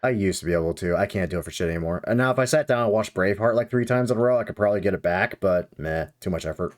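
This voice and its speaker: A man running a tabletop game as game master, animated and swearing freely. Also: deep voice, very fast. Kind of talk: wrapping up a tabletop game, casual chat.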